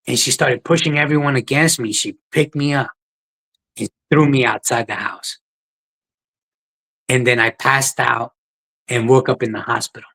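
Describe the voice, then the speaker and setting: Guy on a podcast, earnest and plain-spoken, middle-pitched voice, just telling it straight. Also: unhurried, pauses often, fairly bright tone, slightly rough, rough recording. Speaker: guest, ultra runner. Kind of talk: podcast interview, personal story.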